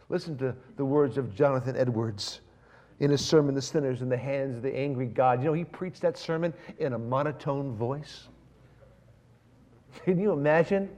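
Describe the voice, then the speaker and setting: A man preaching a sermon, swinging between raised, emphatic preaching and hushed, near-whispered lines, with slow, stressed lists. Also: on the high side. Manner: slow, emphatic delivery of lists and repeated phrases. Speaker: pastor.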